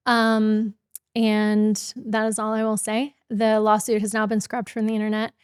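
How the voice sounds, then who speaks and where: A middle-aged woman founder, a guest in an interview, recounting a family story in a measured, earnest way. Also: mid-range voice, completely flat delivery, darkish tone, clear, resonant tone, dry recording, clean studio sound.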